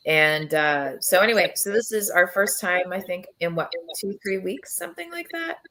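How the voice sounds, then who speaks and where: A woman hosting a casual live chat as a press founder, her voice husky and worn from travel, chatty and relaxed with many fillers. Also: mid-range voice, normal speed, rough recording. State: low husky voice from travel fatigue. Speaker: founder and executive editor of a press, host.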